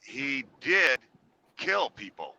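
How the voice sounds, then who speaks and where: A middle-aged man telling a ghost story on a call in a casual, rambling way with halting restarts. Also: mid-range voice, sing-song, pushed and bright, rough recording.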